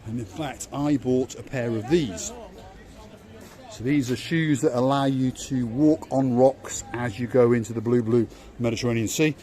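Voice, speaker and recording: A man's voice: mid-range voice, normal speed, mellow. A man with a Yorkshire accent hosting a walking tour vlog along a seaside promenade, chatty and fond of repeating words for emphasis. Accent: Yorkshire English. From England. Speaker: vlog host. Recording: outdoor street noise.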